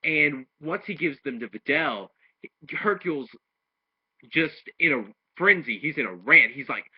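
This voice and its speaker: On the high side and slightly rough, this man's voice is animated yet measured in pace. In a dull, lo-fi home recording, he rambles through a casual recap and review of an anime episode, restarting often and acting out quotes.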